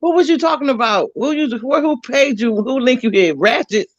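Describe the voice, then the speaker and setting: A woman caller with a high, lively, swooping voice. She teases the host with quick questions. Her audio comes through dull and dry, like a lo-fi call line. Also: dry recording. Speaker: live-stream caller. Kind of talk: casual live-stream chat.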